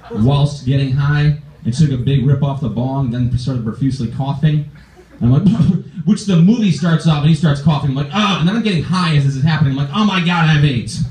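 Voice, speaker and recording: Fast-talking, exasperated young comic. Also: male voice, mid-range voice, warm tone, roomy sound, recorded from a distance. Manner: rambling, profane, exasperated storytelling. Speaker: stand-up comedian. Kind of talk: stand-up comedy set. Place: comedy club stage.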